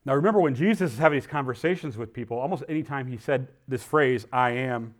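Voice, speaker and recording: A pastor giving a conversational sermon, often pausing on fillers and growing emphatic when he quotes scripture. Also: medium pitch. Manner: conversational, rambling with fillers and restarts.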